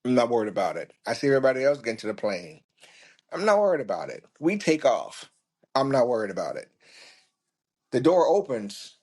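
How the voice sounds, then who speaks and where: A man's voice: mid-range voice, normal speed. A man hosting a podcast, telling a story casually and swearing often, with frequent laughs. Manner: profane, laughing, lively. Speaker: podcast host.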